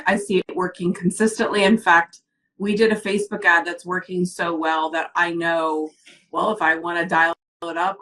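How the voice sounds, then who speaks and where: A woman's voice: on the low side, fairly bright tone. A woman coaching client who speaks in a casual interview with an earnest, heartfelt, rambling manner. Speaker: coaching client and business owner. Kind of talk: casual interview, personal story.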